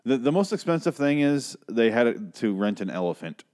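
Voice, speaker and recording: A man's voice: medium pitch, sing-song, moderate pace, darkish tone. A man casually recapping a TV episode, rambling, joking and swearing as he goes. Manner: rambling, profane, restarts a lot, jokey.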